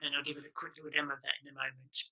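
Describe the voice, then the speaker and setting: Over a video call, a man gives an online conference presentation explaining projects, filling his talk with lots of ums and uhs. His mid-range voice stays level in tone and moves very fast, and the highs in the audio are cut off.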